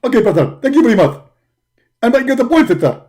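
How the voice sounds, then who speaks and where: A man puts on a preacher who declaims loudly and rapidly, piling up promises. The voice is forceful in delivery and sits on a mellow tone. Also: very high-pitched, very animated. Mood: bombastic. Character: loud, fast-talking male preacher, spits while talking.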